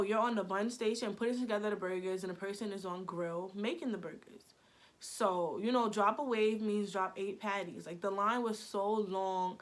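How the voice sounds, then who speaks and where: A young woman telling a storytime vlog in a chatty, animated way, peppered with "like". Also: mid-range voice. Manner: chatty, animated, heavy use of "like". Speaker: vlogger.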